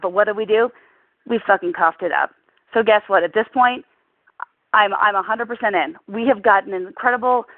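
A woman's voice: mid-range voice, no room sound. A woman calling in with a heated, profane, rambling fan rant. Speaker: caller leaving a fan rant. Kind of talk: voicemail rant. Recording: tinny phone line.

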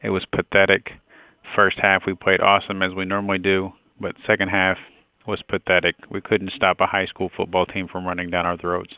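Low flat gravelly man on a phone line. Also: a little fast, dry recording. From Maryland. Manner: disgusted, complaining. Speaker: caller. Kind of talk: voicemail to a podcast. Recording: tinny phone line, dry.

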